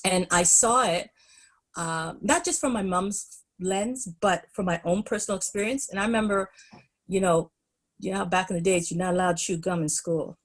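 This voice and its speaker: A middle-aged woman, a podcast guest, telling school stories in an animated, laughing way. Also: on the low side, moderate pace. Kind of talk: storytelling in a podcast interview.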